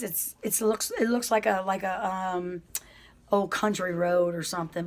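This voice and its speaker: A middle-aged woman telling her story to viewers in a chatty, rambling way, often apologizing and restarting her sentences. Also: medium pitch. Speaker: vlogger sharing her prison experience.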